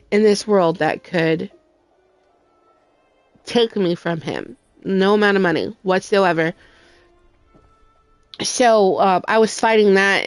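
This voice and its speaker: A young adult woman with a medium-pitched voice chats casually while streaming a game, rambling in a heartfelt, emotional way full of fillers. There's no room sound, though faint music plays in the background.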